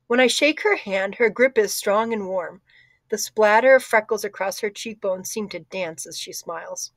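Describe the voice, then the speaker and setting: A woman's voice: mid-range voice, normal speed, no room sound. Woman reading an audiobook, dry sound. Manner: conversational, with slips and asides. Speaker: audiobook reader. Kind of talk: first-person book narration.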